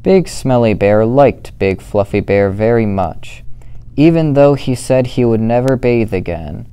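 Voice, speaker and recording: Slow, mellow young male story reader. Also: medium pitch, clean tone. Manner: slow, steady, gentle reading. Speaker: student volunteer reader. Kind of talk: children's story read-aloud.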